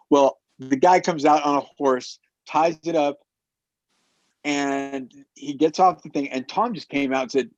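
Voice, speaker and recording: Animated man telling a story, dry and muffled. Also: on the high side, normal speed, no room sound. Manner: animated storyteller who acts out quotes. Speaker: roundtable guest. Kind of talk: casual storytelling. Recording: dull muffled dry sound.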